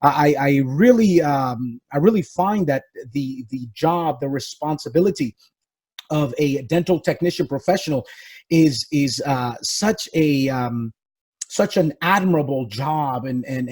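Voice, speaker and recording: A man hosting a podcast interview, speaking reflectively with frequent pauses and restarts. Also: on the high side, a little mellow, breathy edge. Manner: reflective, halting, many restarts. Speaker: podcast host. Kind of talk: casual interview conversation. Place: South Florida.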